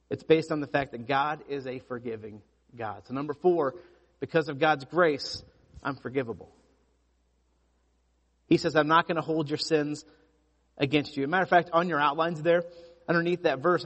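A pastor preaching a sermon, telling stories with lively emphasis and frequent restarts. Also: male voice, on the high side, big-room sound. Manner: animated storytelling with repeated restarts.

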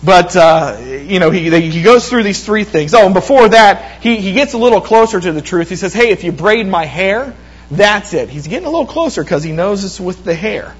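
A man preaching a sermon, retelling a scripture story with lively quoted voices and frequent restarts. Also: high-pitched, a little fast, few pauses, slightly rough, low-quality recording.

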